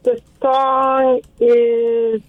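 A woman calling in to a radio show, talking in a slow, wandering way with lots of fillers, over the phone. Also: fairly high pitch, level tone, no room sound. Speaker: caller. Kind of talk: phone-in chat. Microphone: telephone. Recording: dull phone line.

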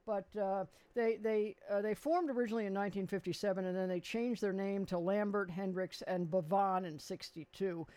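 A man's voice: high-pitched, steady tone, normal speed, hardly any pauses, a little mellow, clear, resonant tone, dry recording. A man hosting a radio show, chatting casually with a caller and rambling through details with many fillers. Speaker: radio host. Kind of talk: casual on-air chat with a caller.

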